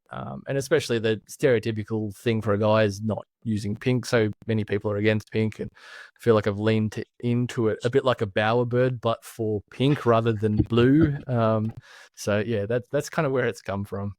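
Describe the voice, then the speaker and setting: A man's voice: lowish voice, fairly even intonation, normal speed, darkish tone, dry recording. Easygoing Australian man, dry close sound. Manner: easygoing, chuckling, thinks aloud with fillers. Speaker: podcast guest, branding expert. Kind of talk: casual remote interview chat.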